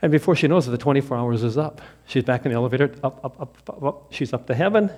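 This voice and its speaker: Lively storytelling male pastor. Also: medium pitch, fast. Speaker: Lutheran pastor. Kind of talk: sermon with joke storytelling.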